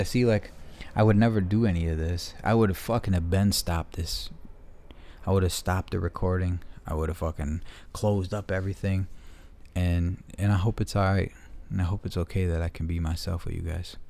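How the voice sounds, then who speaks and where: A man with a deep voice and noticeable vocal fry keeps his intonation fairly even at a normal speed. He's hosting a podcast from home, drifting through heartfelt, rambling talk with plenty of profanity.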